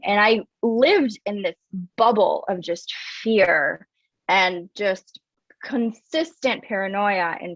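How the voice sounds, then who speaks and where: A woman's voice: medium pitch, dry recording. A woman guest, a wellness coach, telling her personal story in an earnest, reflective way, with a lot of "like". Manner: earnest and reflective, heavy use of "like". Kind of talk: candid personal storytelling in an interview. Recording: slightly dull, dry recording.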